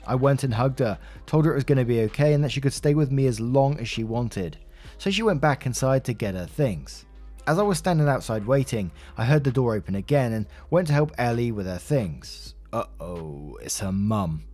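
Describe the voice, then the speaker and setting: A man reads a Reddit story aloud, casual and chatty, with asides along the way. His voice sits at an average pitch over faint background music. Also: expressive, a little fast, mellow. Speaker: story narrator.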